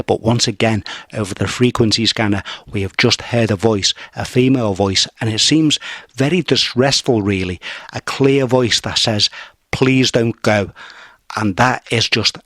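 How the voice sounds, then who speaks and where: Earnest Merseyside paranormal investigator, low and dry, uneasy and repetitive in his telling. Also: no echo. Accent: English, Merseyside. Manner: nervous, earnest, repeats phrases. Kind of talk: on-location report. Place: abandoned asylum at night.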